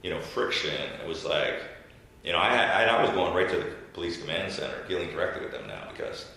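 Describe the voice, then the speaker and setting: A man's voice: sits low, quick pace, creaky, a little hiss or hum. A man telling a story in a casual interview, acting out what others said. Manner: animated storyteller who acts out quotes. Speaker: former governor being interviewed. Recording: very echoey room.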